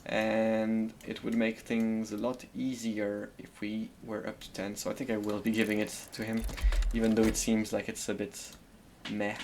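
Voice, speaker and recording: A man's voice: on the low side, completely flat delivery, moderate pace, hardly any pauses, darkish tone, a little hiss or hum. A man with a French accent giving gameplay commentary, thinking aloud and murmuring to himself while he decides. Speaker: streamer.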